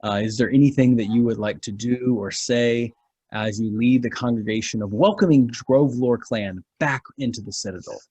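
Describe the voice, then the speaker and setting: A man narrating as game master of a tabletop fantasy game, with dramatic pauses. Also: medium pitch, mellow, breathy edge, no room sound, highs cut off.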